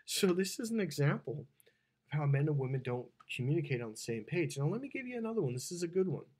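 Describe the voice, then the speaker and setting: A man's voice: a little high, fast. A dating and relationship coach, a man, giving a seminar talk to an audience and acting out the dialogue of the stories he tells. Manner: animated storyteller who acts out quoted dialogue. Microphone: wired microphone.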